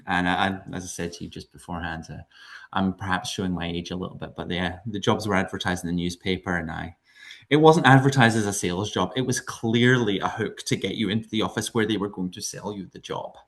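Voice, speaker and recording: Middle-aged Scottish man, low voice, chatty anecdotal guest, chuckles between stories. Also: fast talker, a bit bright. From Scotland. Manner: chuckles through anecdotes, frequent ums and restarts. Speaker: podcast guest. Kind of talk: conversational storytelling.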